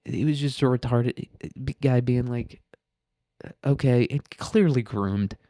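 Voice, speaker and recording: A man's voice: mid-range voice, unhurried, dark tone, no echo, studio quality. A man hosting casual current-events commentary, talking in a crude, blunt, sarcastic way. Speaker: podcast host.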